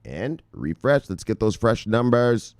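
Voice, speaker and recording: Hyped-up man shouting and swearing. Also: sing-song, unhurried, no echo, studio quality. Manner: shouts bursts of "Bang!", swears, hypes his viewers; swings from loud yells to low mutters. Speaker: crypto news show host. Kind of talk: excitable casual news show with profanity.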